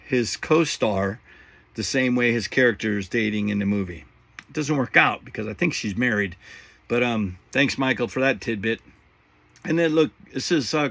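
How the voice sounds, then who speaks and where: A man's voice: mid-range voice, vocal fry, fairly bright tone. Middle-aged guy rambling on about his comics pickups, joking around, dry no-echo room. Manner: chatty, rambling, jokes and laughs often. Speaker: podcast host. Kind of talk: casual chat showing comic books. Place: home studio setup.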